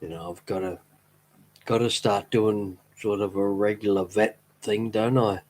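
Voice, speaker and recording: A streamer talks casually to his chat, rambling fondly and laughing easily. His voice is on the low side and darkish, steady in tone, at a measured pace.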